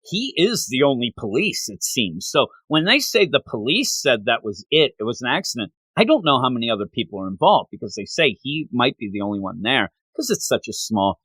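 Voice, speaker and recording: A man co-hosting a manga review show in casual chat, retelling scenes in an animated way with quick asides. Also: mid-range voice, breathy edge, no echo. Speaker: podcast co-host reviewing manga.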